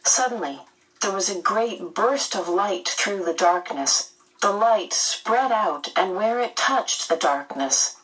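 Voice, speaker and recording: A woman narrating a storybook chapter aloud in a measured, gentle way. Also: lowish voice, distant mic, poor audio. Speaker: audiobook narrator.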